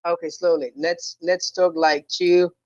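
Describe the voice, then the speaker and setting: A male caller in a heated call-in debate, speaking haltingly and repeating himself as he tries to get a word in. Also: on the high side, level tone, no echo. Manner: halting, repeats "okay" and "listen" while trying to get a word in. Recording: dull lo-fi call line.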